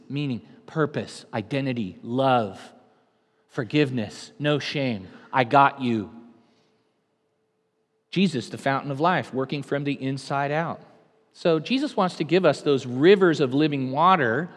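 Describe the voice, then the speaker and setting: A man from California preaching a sermon in a church, swinging from hushed, intimate moments to loud, dynamic proclamation. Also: mid-range voice, normal speed. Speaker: pastor. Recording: long hall reverb.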